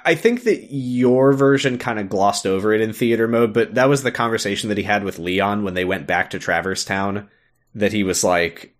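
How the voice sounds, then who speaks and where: A man co-hosting a podcast, casually recapping a video game with lots of fillers and quick laughs. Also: on the low side. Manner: rambling, with many fillers, laughs and acted-out quotes. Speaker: podcast co-host.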